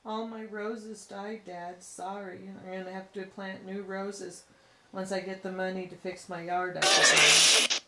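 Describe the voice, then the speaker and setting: A woman's voice: medium pitch, level tone, unhurried. A woman taking part in a ghost box session who speaks tenderly and wistfully to late relatives. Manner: soft-spoken, tender, wistful. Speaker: paranormal investigation companion. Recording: echoey room with faint background noise.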